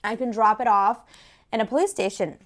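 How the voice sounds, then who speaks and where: A woman's voice: fairly high pitch, a little fast. A young woman chatting casually to her viewers, telling a story between bites of food and acting out both sides of a phone call. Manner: chatty, animated retelling with quoted voices. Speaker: food vlogger. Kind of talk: casual storytelling while eating.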